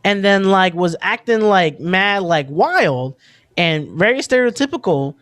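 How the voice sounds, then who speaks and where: Brief: twenties man, podcast co-host, high and lively, loose rambling chat with swearing, dry close sound. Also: a little slow, dry recording. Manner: loose, rambling, swears freely, laughs often. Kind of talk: casual chat.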